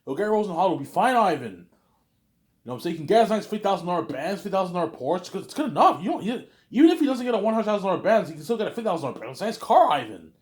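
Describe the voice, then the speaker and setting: A man's voice: high-pitched, sing-song, racing, echoey room, voice pushed up. A man voicing a pushy, greedy male business partner who insists and keeps repeating the listener's name. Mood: insistent.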